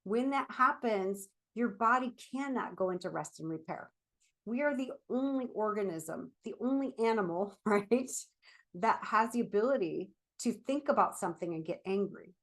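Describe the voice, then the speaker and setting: A middle-aged woman therapist giving a casual, animated talk while standing up. She fills her speech with "like" and "right?". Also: mid-range voice, normal speed. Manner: chatty, animated, with frequent "like" and "right?"; speaking while standing and moving about. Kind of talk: casual explanatory vlog talk.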